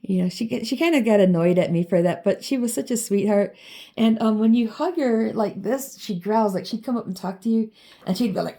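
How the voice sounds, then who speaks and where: A woman's voice: medium pitch, fairly quick, dark tone. A woman vlogging in a casual, meandering monologue full of ums and you-knows as she shows her drawings.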